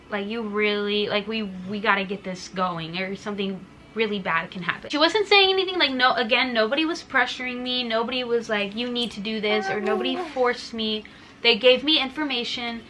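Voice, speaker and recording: A woman's voice: a little high, pushed and bright, a little hiss or hum, low-quality recording. A young woman vlogger telling a personal story in a casual, chatty way, full of fillers and emotion.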